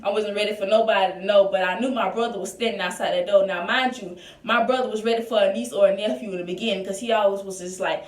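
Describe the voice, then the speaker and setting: A woman's voice: medium pitch, fast talker, distant mic. A young woman telling a personal story in a casual storytime vlog, chatty and full of "like" and "y'all". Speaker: vlogger. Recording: echoey room, voice a bit off-mic.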